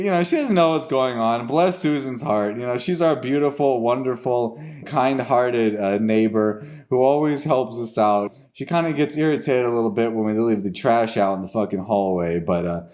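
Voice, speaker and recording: A man's voice: medium pitch, darkish tone. A man improvising a comedy story on a podcast, rambling and swearing, often laughing.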